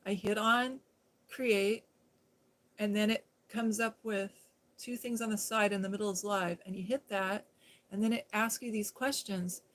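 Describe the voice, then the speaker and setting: A middle-aged woman chatting casually with her viewers on a live stream, giggling often and speaking straight to people in the chat, recorded on her phone. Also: on the high side.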